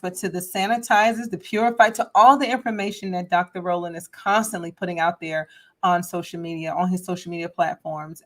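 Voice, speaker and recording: Effusive woman hosting a live stream. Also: lowish voice. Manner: effusive, repeats phrases, many fillers. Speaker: host.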